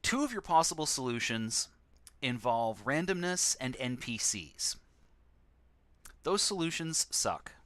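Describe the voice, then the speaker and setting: A man's voice: mid-range voice, sing-song, a little slow, fairly bright tone, no room sound. A man casually commenting on a text adventure game he plays on stream, with sarcastic, wry asides.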